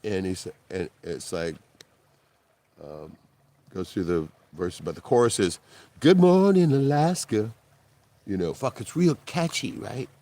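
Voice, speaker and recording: A man hosting a live stream, telling a story in casual talk, swearing and laughing often as he quotes other people. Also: measured pace. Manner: animated, jumps in pitch when quoting and laughing. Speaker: livestream host.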